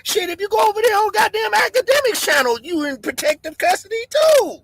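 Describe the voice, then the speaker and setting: A man hosting a livestream, ranting loudly and excitably, swinging between shouts and mutters and laughing often. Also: extremely high pitch, fairly quick, gravelly, no echo, low-quality recording. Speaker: livestream host. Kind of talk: animated livestream rant.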